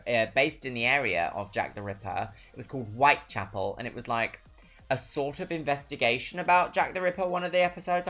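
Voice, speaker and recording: A streamer from Brighton with a southern English accent, chatting casually and reading out viewer messages, swinging between perky greetings and dry asides. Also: mid-range voice. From Brighton, England. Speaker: livestreamer.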